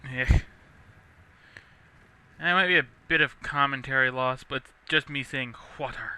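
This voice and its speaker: A young man casually rambling through gameplay commentary, chatty and quick to laugh. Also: mid-range voice, pushed and bright, smooth. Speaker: let's play host.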